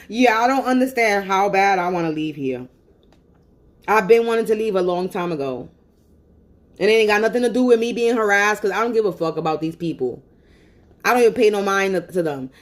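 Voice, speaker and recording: A woman on a phone livestream, venting angrily in a profane, repetitive rant. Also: medium pitch. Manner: angry, profane and repetitive ranting.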